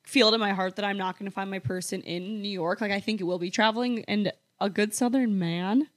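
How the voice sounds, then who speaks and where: A woman's voice: mid-range voice, fairly even intonation, brisk. A woman co-hosting a podcast, chatty and casual, often trailing off and restarting, in an apartment. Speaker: podcast co-host. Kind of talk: casual chat.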